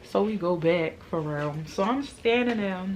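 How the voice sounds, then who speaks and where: A woman's voice: unhurried, slight background noise. A young adult woman vlogger telling a storytime to camera in casual slang, acting out other people's lines and laughing often. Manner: animated, acts out quoted lines with big jumps in pitch and loudness.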